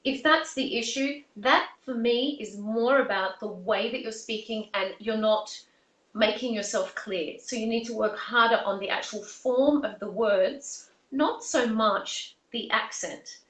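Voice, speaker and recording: A woman's voice: a little high, unhurried, a bit bright. A woman with an Australian accent, a vocal coach, earnestly explaining points with spoken examples in an interview. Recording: roomy echo, mic at a distance.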